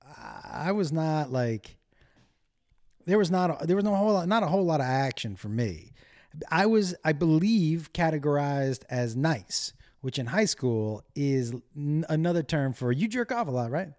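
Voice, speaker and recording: A man's voice: on the high side, very animated, unhurried, pauses often, a little mellow. Rambling man telling crude stories. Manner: rambling, digressive, self-deprecating, crude humor. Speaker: solo podcast host. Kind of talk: casual storytelling monologue.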